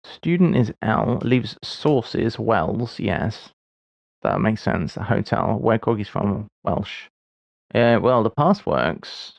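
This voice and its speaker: A gravelly-voiced man in his forties chats slowly and unhurriedly on a livestream, his pitch rising and falling a lot as he thinks out loud. He is wry and self-deprecating. The recording is dry and a little muffled, like a lo-fi mic. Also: expressive, no echo. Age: 40s. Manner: muses aloud while solving puzzles. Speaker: streamer. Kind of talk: casual livestream chat.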